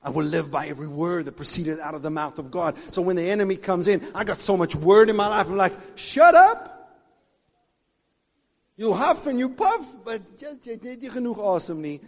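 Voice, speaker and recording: A man preaching a sermon with fervour, swinging between shouted declarations and hushed asides. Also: high-pitched, fairly quick, gravelly, hardly any pauses. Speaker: pastor. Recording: long reverb of a big hall.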